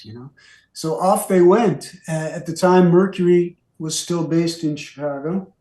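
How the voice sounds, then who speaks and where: A man's voice: a little high, a little slow, mellow. Older man telling rambling stories. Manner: rambling, filler-heavy, acts out quoted voices. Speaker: interview guest, former record executive. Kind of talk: anecdotal storytelling. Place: radio studio. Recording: roomy studio echo.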